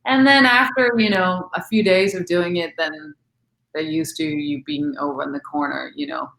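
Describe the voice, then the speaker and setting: A woman's voice: sits low, fairly even intonation, moderate pace, gravelly, a bit bright, roomy sound, rough recording. A woman, an actress and recording artist, chatting casually as an interview guest, laughing often and talking with many fillers.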